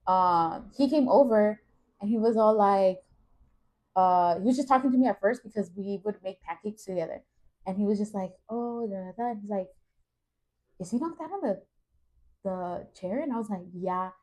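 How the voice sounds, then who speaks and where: Mellow and mid-range, a young woman's voice keeps a normal speed as she co-hosts a podcast. She rambles through a story in casual conversation, leaning on plenty of fillers and acting out quotes.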